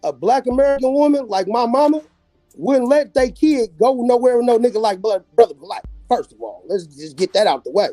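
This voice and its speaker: A man's voice: very high voice, lively intonation, brisk, warm tone, no room sound, soft background music. A man from California arguing bluntly and with profanity as a caller on an online panel. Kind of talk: heated online panel talk.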